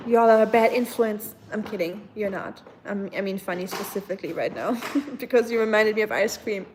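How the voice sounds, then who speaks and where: A woman's voice: medium pitch, moderate pace, a little hiss or hum. A young woman from Germany, casually chatting and answering her live chat as a streamer, with lots of fillers. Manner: chatty, reads chat aloud, many fillers. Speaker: livestream host.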